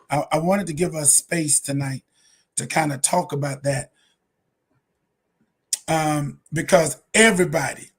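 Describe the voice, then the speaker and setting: Male ministry host, slightly high husky voice, impassioned and repetitive. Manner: fiery, preacherly, laughs often, repeats lines for emphasis. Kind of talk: impassioned livestream commentary.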